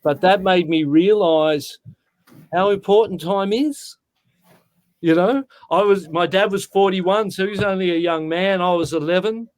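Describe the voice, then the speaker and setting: A man's voice: high-pitched, unhurried, a little mellow. A sixty-year-old Australian man telling stories in a casual interview, talking in an earnest, heartfelt way and often calling the listener mate. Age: 60s. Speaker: guest.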